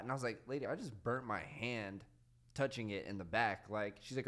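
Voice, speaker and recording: A man's voice: medium pitch, a little fast. A young man as a podcast guest, telling crude work stories with a laugh in his voice. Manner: lively, laughing, crude storyteller. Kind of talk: casual chat.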